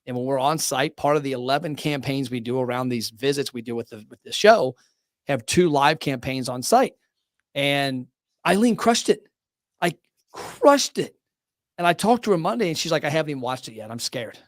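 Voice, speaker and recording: A man hosting a casual podcast conversation from his studio, energetic and motivational, talking in quick bursts. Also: mid-range voice, no room sound. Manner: salesy, motivational. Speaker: podcast host.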